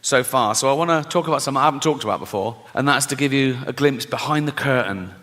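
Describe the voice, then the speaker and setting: A stand-up comedian with a mid-range voice performs live on a large theatre stage, telling stories quickly and chattily, often tagging lines with "right?" and swearing freely. The theatre is echoey with the audience in the room, and background noise is heavy.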